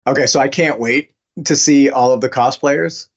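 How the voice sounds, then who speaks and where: A man's voice: medium pitch, moderate pace, dull audio. A man being interviewed as a voice actor, talking casually with many fillers and restarts. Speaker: voice actor guest.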